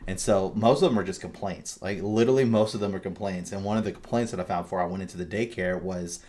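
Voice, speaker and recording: A man hosting a podcast, recapping a game in a rambling, animated way and swearing freely. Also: low-pitched, quick pace. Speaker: podcast host. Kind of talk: casual chat.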